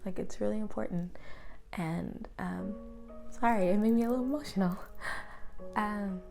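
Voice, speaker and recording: A woman's voice: medium pitch, moderate pace, gravelly, mellow, soft background music. A young woman talking earnestly and openly to the camera in a personal vlog, sometimes dropping to a whisper. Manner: earnest, open and reflective, drops to a whisper at times. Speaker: vlogger.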